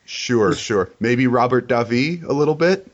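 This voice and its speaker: A man's voice: mid-range voice, expressive, measured pace. A man hosting a casual interview, joking, teasing and crude. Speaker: podcast host. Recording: dull lo-fi sound.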